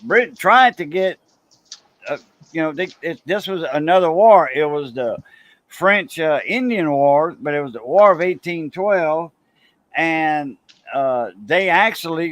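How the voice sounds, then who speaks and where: A man drifts through a casual livestream chat in a slightly high voice at an unhurried pace. He rambles and stops to correct himself over and over. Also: fairly bright tone.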